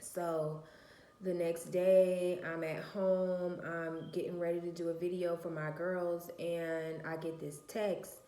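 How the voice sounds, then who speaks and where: A woman's voice: lowish voice, little pitch movement, slow pace, mellow, reverberant. A woman, a mother of four, telling her story in a casual vlog in a blunt, emphatic way and swearing freely.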